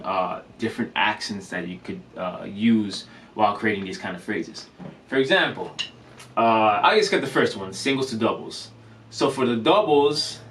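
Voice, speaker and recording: A man's voice: medium pitch, slight background noise. Casual rambling male drum vlogger. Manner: relaxed, rambling, many fillers and restarts. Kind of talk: casual instructional vlog. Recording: distant mic, faint room ambience.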